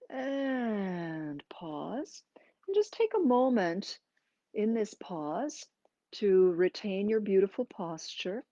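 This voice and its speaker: A female yoga teacher slowly and gently guides a class through breathing and movement, pausing between instructions. Her voice is mellow and a little low. The recording is dry, slightly dull and somewhat lo-fi, with no echo.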